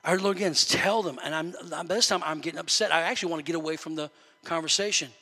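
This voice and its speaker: A man preaching a sermon as pastor, telling a story and building to loud preaching. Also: on the high side, fairly even intonation, racing. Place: church sanctuary. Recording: long hall reverb.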